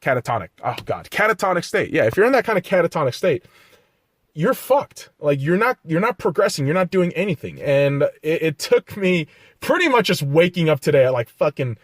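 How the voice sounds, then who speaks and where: A man with a fairly high voice hosts a solo podcast and rants with a lot of swearing. His pitch swings widely as he scolds himself and the listeners. The sound is dry and close to the microphone. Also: very animated, a little fast, breathy edge, dry recording. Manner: profane, self-critical ranting with pep-talk asides. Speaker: podcast host.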